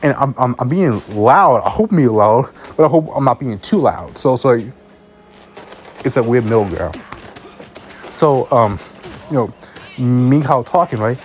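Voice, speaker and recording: A man's voice: medium pitch, lively intonation, normal speed, pauses often, a little hiss or hum. A young man, a student filmmaker, telling a rambling, exasperated story in a casual vlog, often stumbling over and repeating his words. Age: young adult.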